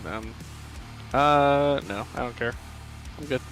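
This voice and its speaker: A man's voice: mid-range voice, slow, fairly bright tone, soft background music, rough recording. A man playing a character in a tabletop game, declaring his moves and asking about the dice. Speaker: player. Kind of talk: casual tabletop game play.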